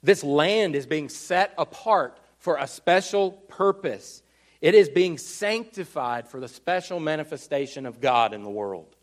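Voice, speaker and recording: A man delivering a teaching sermon with a slightly high voice. He explains step by step in an earnest tone and slows down to press his main points home. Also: expressive. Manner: earnest, explanatory, with slowed emphasis on key words. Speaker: pastor.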